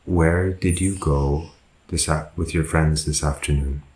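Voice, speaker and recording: A man's voice: a bass voice, fairly even intonation, measured pace, a little mellow, echoey room. A man, a monk, teaching a language lesson, who goes through example sentences patiently and often corrects himself. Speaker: Buddhist monk teaching Pali.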